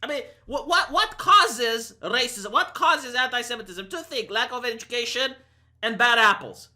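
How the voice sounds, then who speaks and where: A woman's voice: fairly high pitch, expressive, moderate pace, bright, forceful tone. A woman in her thirties with a Romanian accent, ranting sarcastically and profanely in an opinion vlog. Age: 30s. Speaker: commentary vlogger. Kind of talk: opinion rant to camera.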